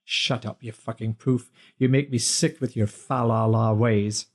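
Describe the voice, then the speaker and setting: A man voicing a big, brutish brother-in-law who yells, sneers and swears crudely. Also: medium pitch, steady tone, unhurried, lightly acted. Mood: snarling.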